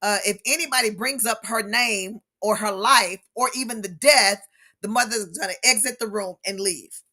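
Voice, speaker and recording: Bright, emphatic American woman teaching. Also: medium pitch, normal speed. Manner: emphatic, repeats key points to the audience. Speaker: grief educator. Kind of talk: presenting a grief seminar.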